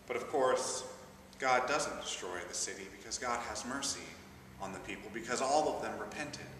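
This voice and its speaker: A man preaches in a chatty, joking storytelling manner with a bright, sharp voice. The sound is very echoey with a long church reverb, taken from a distance with faint ambience behind. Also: medium pitch, moderate pace, a little hiss or hum. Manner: conversational, humorous storytelling. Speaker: assistant pastor. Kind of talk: sermon. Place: large church.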